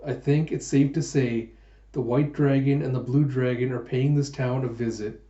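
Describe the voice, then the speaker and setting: A vain, gallant young man, as a man reads him aloud, suave and polite, in a soft and mellow voice. The room is echoey and the sound a little dull. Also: mid-range voice, fairly even intonation, moderate pace, lightly acted.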